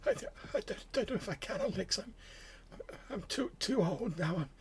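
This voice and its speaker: High shaky old man voice, frail and stammering, begging in tears. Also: expressive, normal speed, darkish tone, slight background noise. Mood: frail pleading. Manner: stammering, pleading, tearful. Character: frail bewildered old man in a care home bed.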